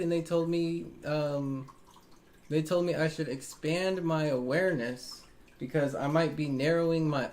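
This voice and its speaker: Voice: mid-range voice, a little mellow. A tarot reader hosting a live stream, talking casually and earnestly to viewers, defensive and emphatic, repeating phrases and tagging lines with "right?" and "man". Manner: frequent fillers like "right?" and "man".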